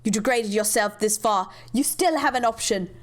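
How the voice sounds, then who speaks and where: A woman's voice: fairly high pitch, moderate pace, lightly acted. A woman voicing a stern female police officer with an American accent, scolding and sarcastic in a game cutscene.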